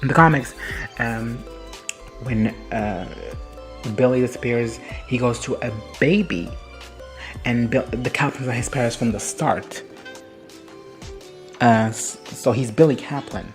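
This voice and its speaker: A man's voice: medium pitch, measured pace, long pauses, music in the background. A man giving a casual, foul-mouthed recap of a TV episode, laughing often and acting out the characters. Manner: crude, swears freely, laughs often, acts out characters. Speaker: reaction vlogger.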